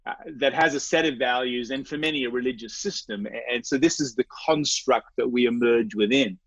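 A man's voice: mid-range voice, brisk, fairly bright tone, husky, dry recording. A man as an interview guest telling a personal faith story, earnest and reflective, often restarting and repeating his words. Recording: dry, slightly dull recording.

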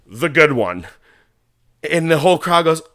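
His voice sits a little high, and he keeps a measured pace; the audio is studio quality with no echo. This man co-hosts a relaxed wrestling podcast, where he tells stories animatedly, swears a lot, and acts out quotes.

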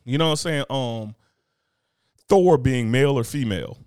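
A man in casual podcast chat, arguing his points in a loose, profane, animated way. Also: mid-range voice, moderate pace, clear, resonant tone, no room sound, clean studio sound. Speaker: podcast co-host.

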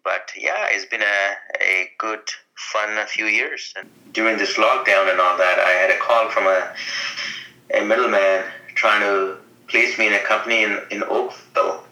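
A man with a low voice and a very bright, sharp tone recounts his working life. He talks in an easygoing way, pausing on "uh" between names and places. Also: low-quality recording. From Canada. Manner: relaxed, chatty, with frequent fillers. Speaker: interview guest. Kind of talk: casual conversation.

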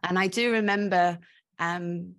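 Telling her life story in a casual interview, this South Wales woman in her forties has a blended Welsh-Australian accent and fills her reflections with ums. Her voice sits on the low side, fairly bright, with fairly even intonation and a measured pace.

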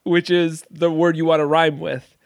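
Laughing, enthusiastic higher-voiced man. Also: little pitch movement, moderate pace, vocal fry, crowd noise. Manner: enthusiastic, laughs often, filler-heavy. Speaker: host. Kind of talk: casual conversation on a call.

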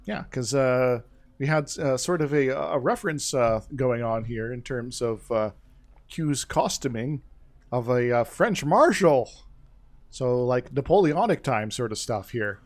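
A man talks casually at an ordinary pitch, rambling loosely with plenty of fillers and restarts. He sounds like a podcast co-host retelling history off the cuff. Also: animated, unhurried. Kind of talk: casual chat.

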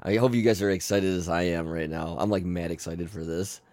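A man's voice: deep voice, fairly even intonation, a little fast, a little mellow, no echo. Brief: man, podcast co-host, dry close mic, reads a sweary bedtime story in a mock-lullaby tone. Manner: profane, laughing, reads in a mock-soothing tone. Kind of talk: casual chat and reading a story aloud.

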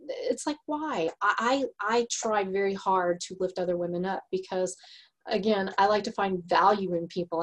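A woman with a Texas accent hosting a podcast, talking earnestly in a casual chat. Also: medium pitch. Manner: earnest and warm-hearted, frequent laughs and restarts. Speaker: podcast host.

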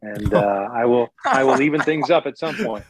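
A middle-aged man who used to broadcast baseball, talking candidly and bluntly as an interview guest, with sarcastic asides and many quick restarts. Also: mid-range voice, a loud crowd. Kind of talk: casual interview talk. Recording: dry, slightly dull lo-fi recording.

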